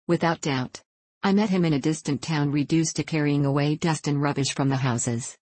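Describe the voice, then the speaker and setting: A woman's voice: low-pitched, normal speed, a little mellow, no room sound. A woman reading aloud voices a bold, assured young prince who captains a ship in a fairy tale. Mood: accusing.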